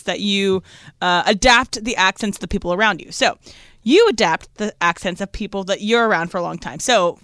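Bright clear-voiced woman co-host. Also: medium pitch, no echo, studio quality. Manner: hesitant, filler-heavy. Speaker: radio co-host bringing topics. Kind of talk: casual studio chat. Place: radio studio.

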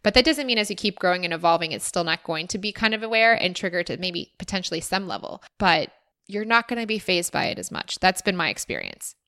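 A woman's voice: fairly low pitch, sing-song, quick pace, pushed and bright. A woman hosting a solo podcast, answering listener questions in an earnest, encouraging and reflective way. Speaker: podcast host. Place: former resident of Austin.

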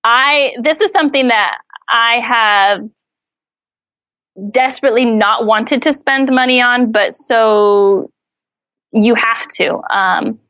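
A woman's voice: a little high, slow pace, fairly bright tone, no echo. A woman answering interview questions as a house flipper, earnest and candid with a dry sarcastic streak.

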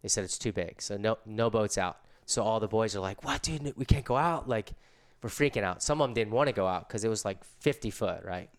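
Middle-aged man, easygoing surfer storyteller, smooth resonant voice. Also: fairly low pitch, a little fast, few pauses. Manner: laid-back, slangy surfer talk. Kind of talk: casual storytelling.

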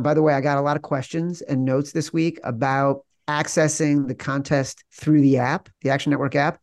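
A man's voice: fairly high pitch, vocal fry, darkish tone, dry recording, clean studio sound. Upbeat, joking sports podcast host, man. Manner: upbeat, jokey, quick ad reads. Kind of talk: sports betting podcast chat.

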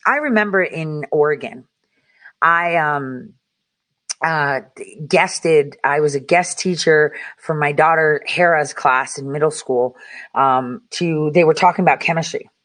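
In a low, fairly bright voice and an unhurried pace, a parent delivers a casual monologue to her viewers that turns into a blunt, profane rant. She keeps restarting and repeating words, and there's no echo.

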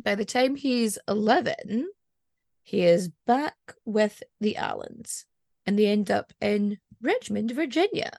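A woman's voice: medium pitch, expressive, takes it slowly, vocal fry, a little mellow, no echo, clean studio sound. A Scottish woman hosting a podcast in casual chat. She is chatty and digressive and laughs often. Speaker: podcast host.

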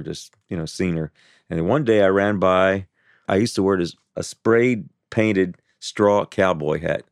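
A man in his seventies telling his life story in an interview, halting and full of restarts and "you know" fillers. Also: sits low. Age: 70s.

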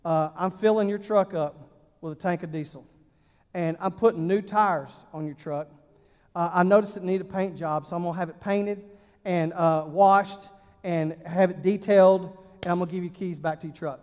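A man preaching a sermon, folksy and emphatic, swinging between loud and quiet. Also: sits high, fairly even intonation, moderate pace, clean tone. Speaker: pastor. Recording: long hall reverb.

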